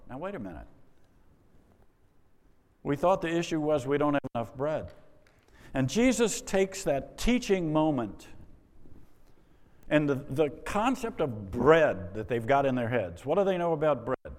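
A man's voice: on the high side, animated, unhurried, pauses often, a little mellow. A man preaching a sermon, with wry rhetorical questions and exasperated asides. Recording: long reverb of a large hall.

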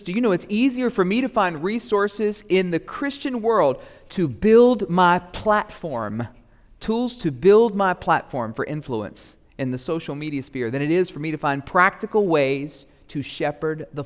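A man in his thirties, a pastor giving a sermon, chatty and humorous at times, then rising to loud, emphatic proclamation. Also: high-pitched, lively intonation, measured pace. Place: church sanctuary. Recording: long reverb of a church hall.

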